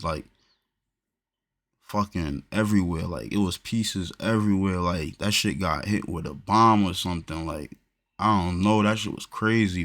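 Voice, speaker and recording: A man from New Jersey in casual chat, telling a loose, profane story with lots of slang. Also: deep voice.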